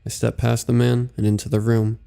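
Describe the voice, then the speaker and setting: A man narrating scary stories in a slow, even storytelling delivery. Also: mid-range voice, gravelly, clean tone. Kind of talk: scripted horror story narration.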